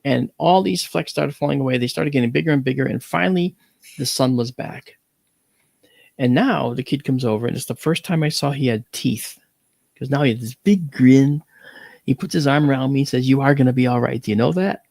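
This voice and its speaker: A man with a gravelly, fry-edged voice in the middle pitch range recounts a personal story as an interview guest. He talks in an animated way, jumping up in pitch on exclamations, and his wording is blunt with mild swearing. The recording is dry and close, with no room sound. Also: normal speed, dry recording.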